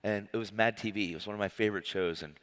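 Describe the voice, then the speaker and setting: A man preaching a personal testimony sermon, telling his story in an animated, emotional way with many restarts. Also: fairly low pitch, racing, clear, resonant tone. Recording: long hall reverb.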